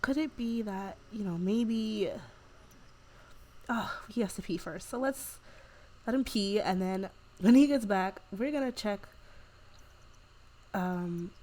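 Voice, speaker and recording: A woman's voice: mid-range voice, takes it slowly, pauses often, dark tone. A woman hosting her gaming channel, narrating a let's play in a casual, chatty way with lots of fillers.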